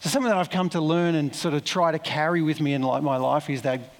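A man preaches in a relaxed, conversational manner, musing aloud and correcting himself as he goes. His voice sits fairly high for a man. A long reverb from a large church hall follows his words. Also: fast talker. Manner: conversational, reflective, with asides and self-corrections. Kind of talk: sermon.

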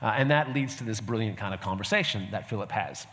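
A fast-talking pastor with a fairly low, somewhat bright voice leads a casual teaching session for a church group. He uses fillers, restarts his sentences, and keeps asking the audience "right?" The audio has a reverberant hall quality.

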